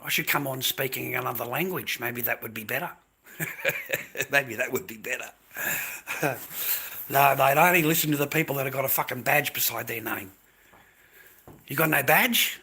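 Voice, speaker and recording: A man's voice: medium pitch, normal speed, creaky, pauses often, pushed and bright. Blunt, swearing Australian man streaming. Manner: profane, blunt, talks to his chat. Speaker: livestreamer. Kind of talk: rambling livestream rant.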